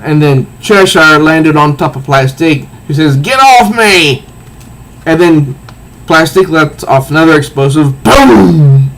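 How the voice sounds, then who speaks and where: A man casually reviewing a comic book, recounting panels in a halting way with repeated words. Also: on the high side, fairly even intonation, fairly bright tone, poor audio.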